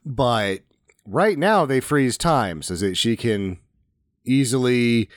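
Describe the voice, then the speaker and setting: Deadpan man with dry, sardonic jokes. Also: medium pitch, slow pace, no echo. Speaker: podcast co-host. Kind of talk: casual movie-riffing chat.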